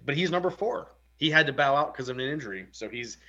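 A man's voice: mid-range voice, animated, fast, sharp tone. A man co-hosting a casual sports talk show in a laid-back, agreeable way. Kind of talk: casual chat. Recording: dull lo-fi sound.

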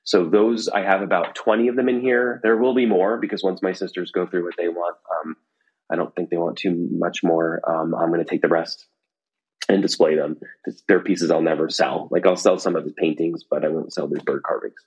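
Middle-aged guy with a low husky voice, rambly chat, lots of ums, talking from home. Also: fairly even intonation, fairly quick, darkish tone, lo-fi sound. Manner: rambling, with many fillers and restarts. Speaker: podcast guest, collector. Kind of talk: casual conversation. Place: room at his home.

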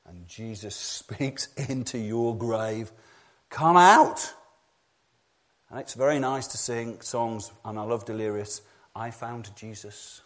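A man preaching a sermon to a church congregation, dropping to hushed low passages and rising to loud emphatic peaks, often repeating key phrases. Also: little pitch movement, measured pace. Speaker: pastor.

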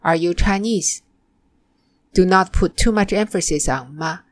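Woman teacher, deep-ish voice, takes her time, scripted mandarin lesson. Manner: slow, careful model pronunciation of example phrases. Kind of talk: scripted language lesson narration.

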